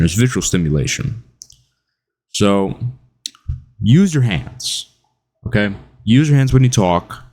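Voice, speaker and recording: A young man giving casual self-improvement advice in an animated, jokey way, acting out quotes. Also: lowish voice. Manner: animated, jokey, laughs at his own stories, acts out quotes. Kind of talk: casual talking-head advice video.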